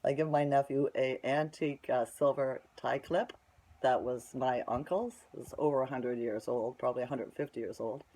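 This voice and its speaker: A woman's voice: extremely low pitch, fairly even intonation, normal speed, warm tone. A woman telling a long story in a casual, rambling way, bluntly scornful and tagging her sentences with "right?". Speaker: vlogger.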